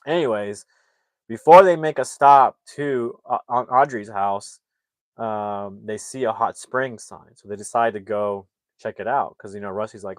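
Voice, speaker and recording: Rambling low-voiced man retelling a movie. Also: unhurried, no echo. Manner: rambling, heavy on fillers. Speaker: movie reviewer. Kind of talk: casual plot recap.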